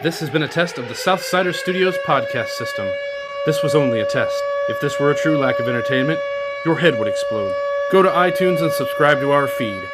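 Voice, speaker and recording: A man's voice: a little high, lively intonation, a little fast, pitched above the performer's own voice, natural voice. A man imitating a stiff, official emergency-broadcast announcer in a mock-formal tone. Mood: mock-solemn. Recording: loud siren and hum behind the voice.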